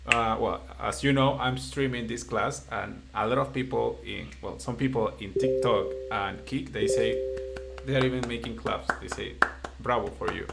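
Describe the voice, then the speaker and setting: A man teaching a beginner class in English, patient and encouraging as he explains rules slowly. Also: mid-range voice, creaky, over music. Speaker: Spanish teacher. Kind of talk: live-streamed online language lesson.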